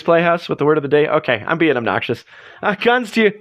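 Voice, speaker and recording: A man hosts a livestream, chatting casually and rambling while poking fun at himself. His voice is high, expressive, and fast. The stream audio is dull and lo-fi.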